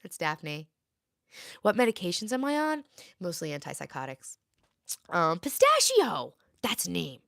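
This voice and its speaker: A woman's voice: lowish voice, huge pitch swings, a little slow, gravelly, long pauses, fairly bright tone. A woman in her thirties chatting playfully with viewers on a casual home livestream. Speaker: livestream host. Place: home, indoors.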